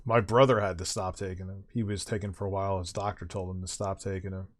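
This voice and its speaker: A man's voice: sits low, little pitch movement, fast. A middle-aged man chatting casually as a streamer, telling a long rambling anecdote with swearing and restarts. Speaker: streamer and host. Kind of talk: casual chat, storytelling.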